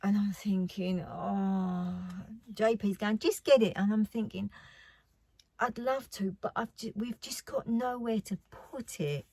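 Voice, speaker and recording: Slow, soft-spoken woman. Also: mid-range voice, fairly even intonation, dry recording. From United Kingdom. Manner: chatty and rambling, often dropping to a near whisper. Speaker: craft vlogger. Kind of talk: casual haul chat.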